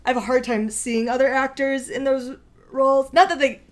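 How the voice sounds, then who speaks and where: A young woman co-hosting a podcast, chatting casually and excitedly in quick back-and-forth. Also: high-pitched. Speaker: podcast co-host. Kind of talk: casual chat.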